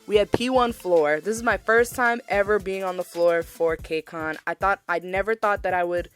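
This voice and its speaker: A woman's voice: medium pitch, moderate pace, fairly bright tone, smooth, soft background music. A young woman hosting her podcast, chatting casually and gushing, repeating words for emphasis. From Massachusetts, USA. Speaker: podcast host. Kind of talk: casual solo podcast recap.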